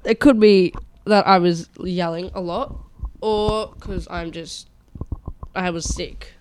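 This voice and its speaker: Young woman, podcast co-host, bubbly, reacts fast, says sorry a lot. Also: lowish voice, fairly even intonation, a little mellow, a little hiss or hum. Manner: bubbly, apologetic, quick to react. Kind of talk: casual chat.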